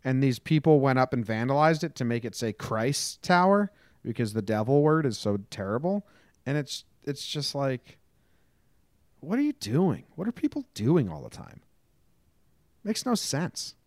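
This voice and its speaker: Young man, mid-pitched voice, wry joking co-host, dry close mic. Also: big pitch swings, a little slow, a little mellow, no room sound. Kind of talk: casual chat.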